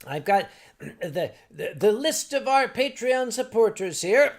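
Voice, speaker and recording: Gravelly older man, slow wry rambling, faint background noise. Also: sits high, sing-song. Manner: rambling, wry, with frequent fillers and restarts. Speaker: livestream host. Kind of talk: casual chat reading viewer comments.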